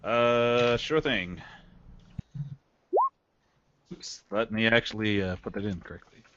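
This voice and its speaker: A man's voice: lowish voice, steady tone, moderate pace, dull audio, background noise. Easygoing man tabletop player. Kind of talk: tabletop game play, casual.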